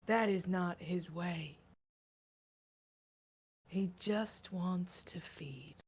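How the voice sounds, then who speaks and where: A woman voicing a solemn male servant of a sleeping god, speaking gravely and slowly like a preacher. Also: on the high side, voice pushed down, exaggerated voice. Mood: preaching. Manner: grave, preaching, slow and hushed.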